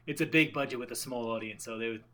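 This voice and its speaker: A young man co-hosting a laid-back movie podcast. His voice is bright and a bit tense, and he rambles through fillers and restarts, swearing casually. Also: mid-range voice, quick pace.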